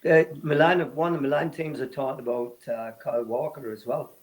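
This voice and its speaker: A man's voice: mid-range voice, fairly even intonation, a little fast, poor audio. Man telling an old football story. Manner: anecdotal storyteller, quotes people. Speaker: panelist. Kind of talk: casual sports chat.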